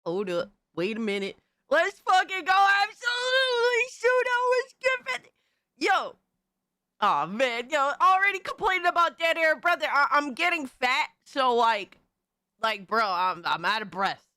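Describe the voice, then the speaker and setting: A woman hosting a live stream, hyped and profane, rattling off shout-outs to chat in casual banter. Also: sits high, sing-song, measured pace, dry recording, clean studio sound.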